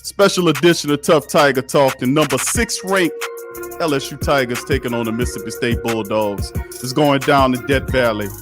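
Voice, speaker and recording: A man hosting a casual sports talk show, energetic and hype. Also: medium pitch, music in the background. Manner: energetic, hype, drawn-out phrasing. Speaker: sports podcast host.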